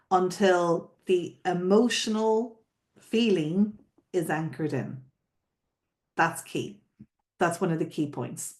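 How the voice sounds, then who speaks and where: A woman's voice: lowish voice, takes it slowly, pauses often, a little mellow. A woman coaching florists on selling, explaining in a conversational way and often checking in with her listeners. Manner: explains with frequent check-in questions and repetitions. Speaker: sales coach teaching florists. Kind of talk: spoken teaching.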